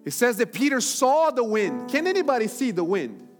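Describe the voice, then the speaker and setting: Guy preaching a sermon in a church, goes loud then real quiet, big echoey hall, guitar in the back. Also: extremely high pitch, sing-song, moderate pace. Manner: preaching with big swings from shouting to hushed. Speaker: pastor. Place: church sanctuary. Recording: large hall with long reverb and music.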